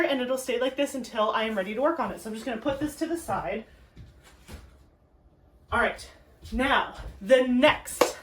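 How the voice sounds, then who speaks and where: A woman's voice: fairly high pitch, a little hiss or hum. A woman hosting a casual craft unboxing at home, chatty and enthusiastic as she gushes over the details. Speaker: craft video host.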